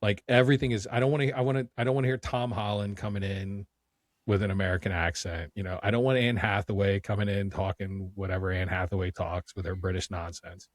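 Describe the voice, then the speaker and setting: A man's voice: deep voice, steady tone, fast, no echo, studio quality. A man co-hosting a movie podcast, talking casually in an opinionated, joking, ranting way. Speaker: podcast co-host.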